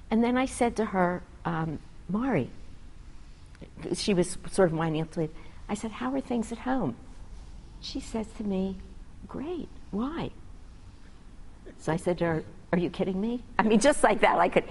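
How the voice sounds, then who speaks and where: Low-voiced woman doctor telling a story. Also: gravelly, darkish tone, slight background noise, low-quality recording. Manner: earnest, reflective, acts out dialogue. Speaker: physician. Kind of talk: conversational storytelling.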